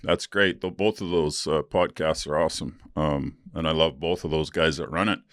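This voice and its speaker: A man's voice: a bass voice, fairly even intonation, normal speed, dry recording, studio quality. A middle-aged man hosting a podcast, telling a story in a loose, rambling way with lots of fillers and restarts and some blunt swearing. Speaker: podcast host. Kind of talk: casual storytelling.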